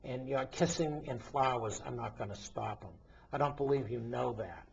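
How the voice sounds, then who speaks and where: A priest and talk show host, a man with a husky voice, holds forth in an emphatic, indignant monologue and keeps firing rhetorical questions at his listeners. His pitch sits in an ordinary middle range. The recording sounds dull and lo-fi. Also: moderate pace. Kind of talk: impassioned commentary monologue.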